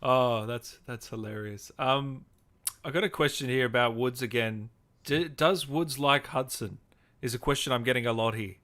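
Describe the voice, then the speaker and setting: A man's voice: medium pitch, normal speed, a bit bright. A man hosting a video call interview and reading out viewer questions. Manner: friendly, reads out viewer questions. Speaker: podcast host. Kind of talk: casual interview.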